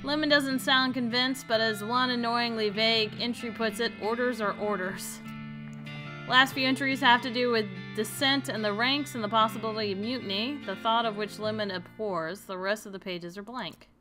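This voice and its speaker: A woman's voice: on the high side, fairly even intonation, moderate pace, few pauses, over music. A woman streamer playing a comedy western game, reading the text aloud with playful, amused asides.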